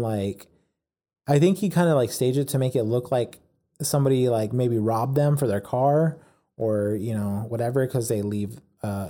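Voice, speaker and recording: Very dark-voiced man rambling a story. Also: medium pitch. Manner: rambling, many fillers like "like" and "yada yada". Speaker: storyteller recapping a documentary. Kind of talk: casual chat.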